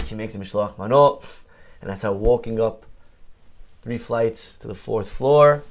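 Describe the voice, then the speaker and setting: A middle-aged man giving a sermon as a rabbi, telling a personal story in an animated, conversational way. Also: fairly low pitch, measured pace.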